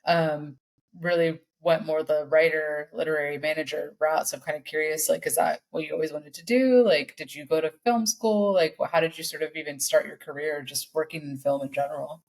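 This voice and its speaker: A woman's voice: deep voice, steady tone, fairly quick. A woman co-hosting a podcast, asking loose, filler-heavy questions and laughing often. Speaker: podcast co-host. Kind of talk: casual podcast interview.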